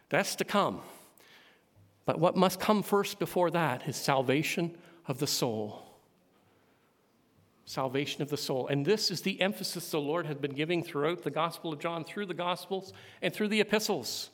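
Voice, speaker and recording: A man preaching a sermon, building to loud emphatic climaxes. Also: fairly high pitch, moderate pace. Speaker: pastor. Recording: long hall reverb.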